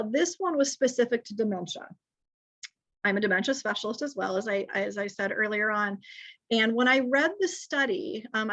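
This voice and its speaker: Chatty woman presenter. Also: a little high. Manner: chatty, lively, frequent restarts and self-corrections. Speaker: speech pathologist and caregiver giving a presentation. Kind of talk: conversational presentation with anecdotes. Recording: dull lo-fi sound.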